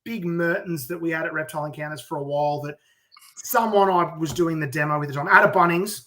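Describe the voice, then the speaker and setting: Man, casual podcast chat, animated storyteller, laughs often. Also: on the high side, quick pace. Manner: lively anecdotes with frequent laughs. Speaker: wildlife demonstrator and drummer.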